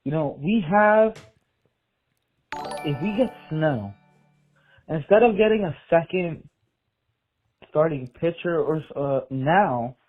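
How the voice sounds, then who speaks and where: A man from New Jersey calls in to a fan show and thinks aloud as he rambles. His voice is a little high and husky. It comes through a tinny phone line. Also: lively intonation, slow pace, pauses often, soft background music. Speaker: caller.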